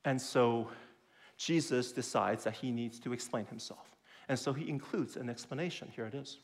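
A middle-aged man preaching a sermon, stressing key points slowly and acting out quoted voices with big jumps in pitch. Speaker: pastor.

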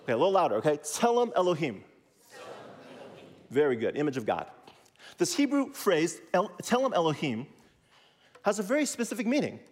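Animated male pastor in an echoey hall. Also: a little high, fast. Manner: animated, teaching with call-and-response. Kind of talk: sermon.

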